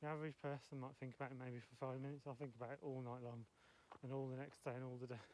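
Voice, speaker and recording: Man, breathless, rambling vlog chat, walking uphill, clear outdoor noise. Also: mid-range voice, level tone, very fast, a little mellow, low-quality recording. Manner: chatty, rambling, self-interrupting. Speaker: vlogger.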